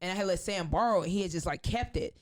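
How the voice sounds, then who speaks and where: A woman guest spins a long story in casual podcast chat. She is excitable and profane, and she swings her voice up and down to act out each person she quotes. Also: quick pace. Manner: excitable, profane, acts out quotes with big pitch jumps.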